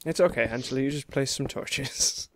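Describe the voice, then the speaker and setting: Low-voiced teasing woman gaming. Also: moderate pace, slight background noise. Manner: teasing, joking. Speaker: game streamer. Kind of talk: casual gaming chat.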